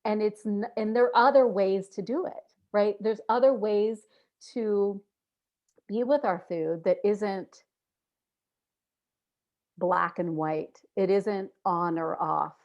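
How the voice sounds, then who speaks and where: A woman appears as a guest in a casual interview, earnest and reflective, acting out inner voices with sudden pitch jumps. She takes things slowly and pauses often, and the sound is lo-fi.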